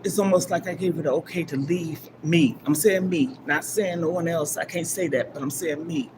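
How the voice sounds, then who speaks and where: On a livestream she hosts from a gym, an older woman with a low-sitting voice talks at normal speed, rambling and emotional. She shifts emphatically from loud bursts to almost whispering, and background noise comes through clearly.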